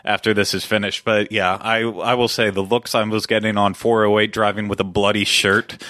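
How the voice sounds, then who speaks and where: A man's voice: fairly low pitch, flat delivery, normal speed, bright, forceful tone, no echo, clean studio sound. A man co-hosting a podcast in a casual, rambling chat, often chuckling as he talks. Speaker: podcast co-host.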